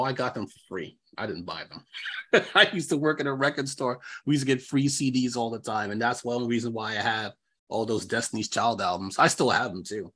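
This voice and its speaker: Man from new york, podcast co-host, casual chat, middle pitch, rambling. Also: fairly bright tone. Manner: rambling, filler-heavy, restarts often.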